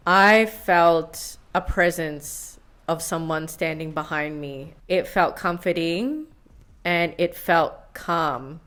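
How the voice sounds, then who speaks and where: A woman's voice: fairly low pitch, fairly bright tone. Candid woman telling a personal story. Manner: candid, confessional, laughs at herself. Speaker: science vlogger. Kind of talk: storytime vlog.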